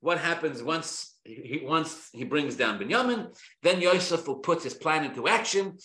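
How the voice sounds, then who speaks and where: A man's voice: a little high, animated, a little slow, pushed and bright. A man giving a Torah class, reading Hebrew verses aloud, then translating and explaining them, and repeating key phrases for emphasis. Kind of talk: Torah lesson. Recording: echoey room.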